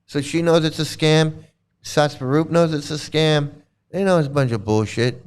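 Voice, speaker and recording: Blunt, sarcastic man with a smooth voice. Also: fairly high pitch, moderate pace. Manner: blunt, sarcastic, swears, repeats and restarts phrases. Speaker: host reacting to videos. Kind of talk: casual reaction commentary.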